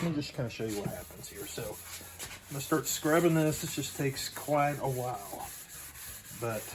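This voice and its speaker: Easygoing man demoing at his workbench. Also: on the high side. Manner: thinks aloud, loose and unhurried. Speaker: pinball restorer. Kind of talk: casual workshop demonstration. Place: home workshop at a workbench.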